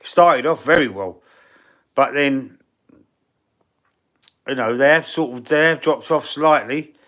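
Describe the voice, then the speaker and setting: A man's voice: medium pitch, slow pace, fairly bright tone. A middle-aged Cockney man chatting live. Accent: Cockney London. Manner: chatty and rambling, reads viewer comments aloud and answers them; blunt and swears casually. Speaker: football channel live-stream host. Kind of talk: casual live-stream chat.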